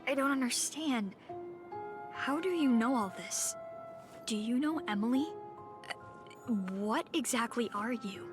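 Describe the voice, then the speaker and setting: A woman's voice: on the high side, expressive, unhurried, pauses often. A woman voicing a young girl who is searching for her lost cousin, pleading and anxious. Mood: bewildered. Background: loud game music.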